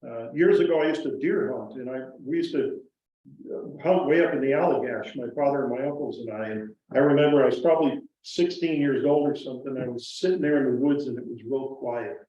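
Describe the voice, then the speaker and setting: A man telling stories about his carving to a live audience in a folksy, animated way. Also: mid-range voice, a little fast. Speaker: guest woodcarver speaker. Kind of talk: storytelling talk to a live audience. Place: museum presentation room. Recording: echoey hall, distant muffled mic.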